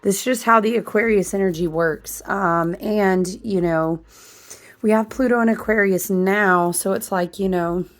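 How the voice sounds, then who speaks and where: A woman's voice: mid-range voice, unhurried, slight background noise. A woman getting over a chest cold talks through a spiritual astrology chat, drifting from thought to thought. She stops to restart sentences and fills the gaps with "um" and "like". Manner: rambling, stream-of-consciousness, with many fillers and restarts. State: recovering from a chest cold, occasional coughs. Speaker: astrology and tarot channel host. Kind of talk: casual spiritual monologue.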